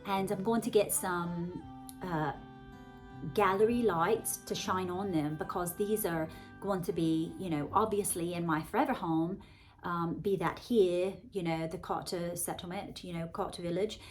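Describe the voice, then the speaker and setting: A woman's voice: on the low side, steady tone, unhurried, soft background music. A woman in her forties with a Southern American accent put on as British RP, rambling chattily and effusively to her viewers. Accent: American Southern with a put-on British RP polish. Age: 40s. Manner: gushing, effusive, chatty with many fillers. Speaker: author and vlogger. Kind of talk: rambling casual monologue to viewers.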